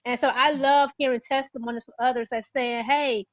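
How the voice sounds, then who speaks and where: A woman guest giving a casual, faith-filled testimony in an earnest, halting way, full of small restarts. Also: sits high, flat delivery, no room sound. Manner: earnest, halting, many "you know" fillers.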